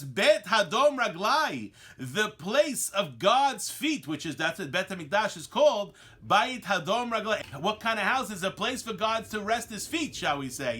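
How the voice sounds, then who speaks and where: A man teaches a Talmud passage, reading the original lines and translating them one by one. His voice sits high and swings widely as he acts out the dialogue. The tone is bright and forceful. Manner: animated, acts out the quoted dialogue; reads Hebrew and Aramaic text then translates it. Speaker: Torah teacher. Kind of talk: Talmud lesson.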